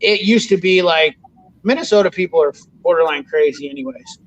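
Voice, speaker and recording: Give me a high-voiced man in casual podcast chat, rambling and swearing, with a dull lo-fi sound. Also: a little fast. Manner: rambling storyteller, swears freely. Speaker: podcast host.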